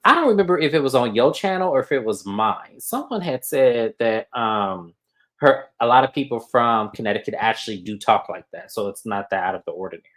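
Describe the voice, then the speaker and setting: A man's voice: medium pitch, a little fast. A man co-hosting a casual gossip show about reality TV, talking bluntly and with lots of profanity. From California. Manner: blunt, profane, animated asides. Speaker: co-host.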